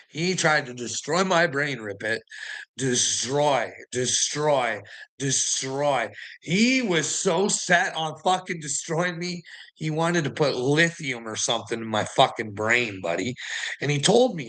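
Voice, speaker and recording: A man's voice: medium pitch, expressive, unhurried, fairly bright tone, poor audio. A man ranting in a casual chat to a friend, agitated and heavy on profanity, laughing often between lines. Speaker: person telling his story.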